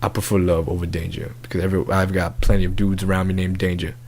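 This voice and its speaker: A man's voice: deep voice, level tone, fast talker, darkish tone, slight background noise, voice pushed down. A man playing a brash, crude love-advice doctor in a comedic podcast bit, talking in swaggering, profane slang.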